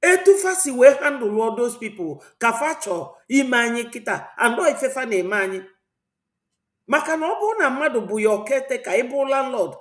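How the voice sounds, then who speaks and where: A woman from Southeast Nigeria with an Igbo accent hosts a political commentary vlog, talking in a rambling, preachy way. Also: on the high side. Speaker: channel host. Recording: roomy echo.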